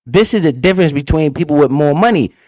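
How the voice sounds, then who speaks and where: Man, casual reaction commentator, profane and blunt, fairly high voice, dry lo-fi recording. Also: normal speed, no echo. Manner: blunt, profane, lively storytelling.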